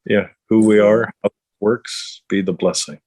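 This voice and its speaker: Blunt man, low voice. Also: normal speed, no room sound. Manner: blunt, swears freely, animated storytelling. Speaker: podcast co-host. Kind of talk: casual chat.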